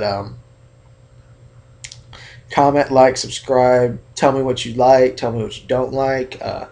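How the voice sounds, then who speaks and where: A young man from California rants to his camera in a casual vlog. He is chatty and animated and keeps mimicking the reactions of people around him. His voice has a gravelly, creaky texture. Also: mid-range voice. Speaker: sneaker vlogger.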